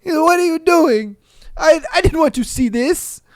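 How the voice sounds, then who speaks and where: A man's voice: expressive, a little slow, dry recording. A man doing a shrieking panicked Italian guy. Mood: frantic. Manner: high-pitched frantic pleading.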